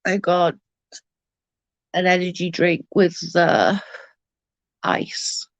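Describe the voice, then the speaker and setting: A woman's voice: lowish voice, very slow, no room sound, dull audio. Middle-aged British woman, casual livestream chat, rambling, answering comments, dry close sound.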